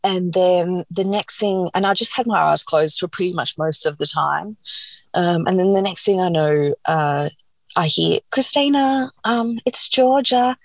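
A woman's voice: lowish voice, normal speed, gravelly, no room sound. A woman, a podcast guest, telling a personal story candidly and animatedly, acting out what people said and saying "like" a lot. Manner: animated, acts out quoted dialogue, frequent "like".

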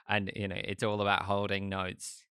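An Australian man talks in a relaxed, rambling way, full of fillers and restarts. His voice sits a little low but sounds bright and forward. The sound is dry and close. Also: moderate pace, clear, resonant tone, no echo. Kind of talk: casual chat.

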